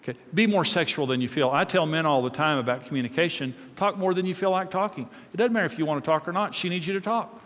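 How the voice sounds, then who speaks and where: A man's voice: a little high, fast talker, few pauses, a bit bright. Middle-aged man teaching in an echoing hall. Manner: conversational, repeats words, tells anecdotes. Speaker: marriage teacher. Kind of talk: teaching talk to a live audience. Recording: long reverb of a large hall.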